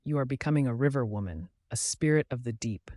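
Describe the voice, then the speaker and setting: A man voicing a solemn male river spirit who speaks in grave, measured warnings. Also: mid-range voice, expressive, a little mellow, dry recording, lightly acted. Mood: stern.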